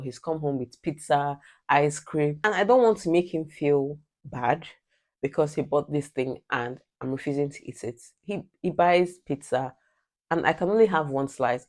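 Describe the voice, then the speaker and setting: A woman's voice: deep voice, a little mellow. A Nigerian woman giving direct, emphatic advice in a casual vlog, repeating her points like a preacher. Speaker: vlogger.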